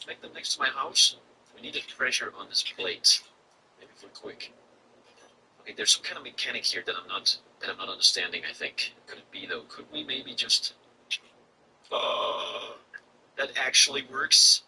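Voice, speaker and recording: Excitable guy streaming a game, talks to himself, slightly far from the mic w faint hiss. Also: medium pitch, normal speed. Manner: excitable, thinking aloud. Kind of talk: live gameplay commentary.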